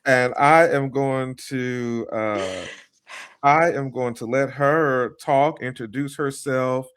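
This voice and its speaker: A man's voice: medium pitch, slow pace, a bit bright, smooth. Hesitant man hosting a podcast. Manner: hesitant, full of fillers and restarts. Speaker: podcast host. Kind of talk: casual introduction.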